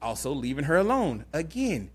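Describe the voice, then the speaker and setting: A man hosting a casual podcast, retelling a movie scene by scene. He talks in an animated, laughing way with plenty of profanity. His voice sits fairly high and swings widely. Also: normal speed, slightly rough. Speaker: podcast host. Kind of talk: casual chat, movie recap.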